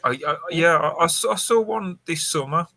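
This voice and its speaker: A man chatting casually on a podcast, talking haltingly with many restarts. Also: on the high side, gravelly, sharp tone.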